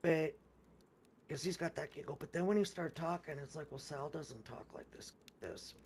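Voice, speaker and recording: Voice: medium pitch, moderate pace, darkish tone, a little hiss or hum. A person casually retelling a game session at length, rambling with many restarts and repeated words, and quoting others' lines along the way. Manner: acts out others' lines in quoted speech. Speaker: gamer recounting a game session. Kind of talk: casual storytelling.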